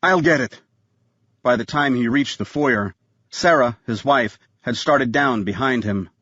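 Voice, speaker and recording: A man reading a thriller audiobook in a scripted narration style, tense and measured. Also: medium pitch, a bit bright, no echo, dull audio.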